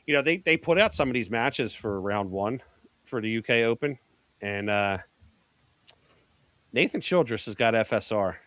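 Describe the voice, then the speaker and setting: A man's voice: medium pitch, lively intonation, moderate pace, pauses often, a bit bright, dry recording. Brash, profane man from Philly. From Philadelphia. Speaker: pool media executive, guest. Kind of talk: casual podcast chat.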